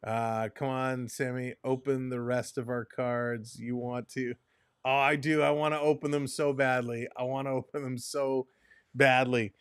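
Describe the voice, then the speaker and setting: A man hosting a live stream, chatting casually and venting his frustration out loud. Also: mid-range voice, level tone, a little slow, smooth, no echo, clean studio sound. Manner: frustrated, exasperated, talks to himself and chat.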